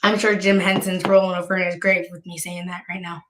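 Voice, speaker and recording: A woman live streamer chatting casually to her viewers, hoarse with bronchitis, with heavy vocal fry and a rambling way of talking full of restarts. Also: on the low side, flat delivery, fairly quick, background noise.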